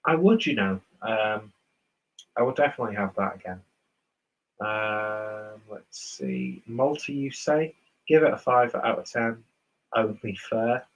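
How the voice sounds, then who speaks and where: A man with a low, husky voice and a posh southern English accent, hosting a relaxed livestream. He drifts between comments in a rambling, self-mocking way. His tone stays easygoing and chatty. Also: a little slow, muffled recording. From northern England. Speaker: beer reviewer streaming host. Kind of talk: casual livestream chat, reading out viewer comments.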